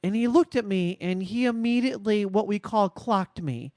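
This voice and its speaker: A woman co-hosting a podcast, telling a personal story in a measured, reflective, earnest way. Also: medium pitch, a little mellow, dry recording, studio quality. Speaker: podcast co-host. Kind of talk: casual podcast conversation.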